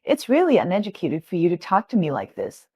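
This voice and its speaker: A woman's voice: fairly low pitch, huge pitch swings, a little fast, warm tone, slightly rough, heavily acted. A woman voicing a grasping middle-aged aunt who whines and demands in a storybook reading. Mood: demanding.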